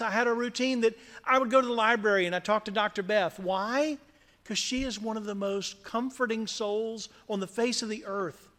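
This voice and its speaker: High-voiced middle-aged South Louisiana man. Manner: earnest and gently humorous, with pauses. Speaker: scholarship recipient speaker. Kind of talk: prepared speech at a reception. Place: large community center hall. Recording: reverberant hall.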